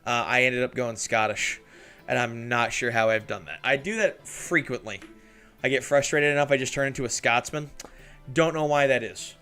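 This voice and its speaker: Chatty stream host, mid-pitch man, laughs a lot, faint music under. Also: fairly even intonation, moderate pace, bright, forceful tone, clean tone. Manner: chatty, laughs often, talks to chat viewers by name. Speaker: livestream host building miniatures. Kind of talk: casual livestream chat. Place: home hobby desk.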